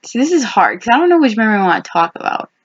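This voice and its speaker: A woman's voice: a little high, sing-song, rapid-fire, breathy edge. A young woman in her twenties co-hosting a podcast, chatting casually with her best friend, rambling with lots of restarts and quoted asides. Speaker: podcast co-host. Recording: dull lo-fi podcast audio.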